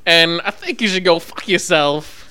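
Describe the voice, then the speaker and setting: A man doing a slow, halting impression of a famous actor while prank-calling someone. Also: high-pitched, bright, forceful tone, soft background music. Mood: insulting.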